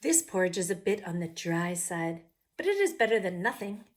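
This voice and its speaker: A woman's voice: on the low side, sing-song, normal speed. A woman voicing a hungry, sleepy male bear in a picture book, judging each thing he tries in a fussy way.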